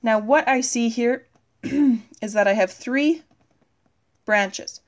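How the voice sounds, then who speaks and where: In a recorded chemistry lesson, a woman teacher with a fairly high voice thinks out loud while writing on the board. She fills her pauses with "okay" and "uh."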